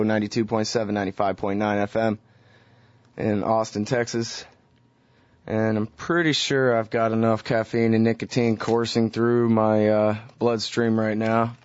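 A man's voice: lowish voice, no echo, highs cut off. A man hosting a talk radio show alone, speaking casually and loosely with frequent "uh" fillers. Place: radio studio. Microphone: studio microphone.

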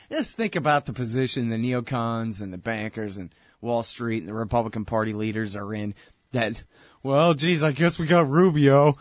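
A man's voice: mid-range voice, no room sound. Sarcastic male radio host, dry sound. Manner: sarcastic, rambling, blunt. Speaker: talk show host. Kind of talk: casual political talk and ad reads.

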